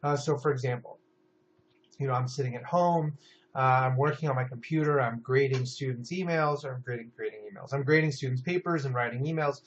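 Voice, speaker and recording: A man's voice: medium pitch, a little fast. Male lecturer, 30s, casual classroom talk, filler-heavy, muffled lo-fi audio. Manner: conversational, many fillers and "right?" tags. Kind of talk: psychology lecture.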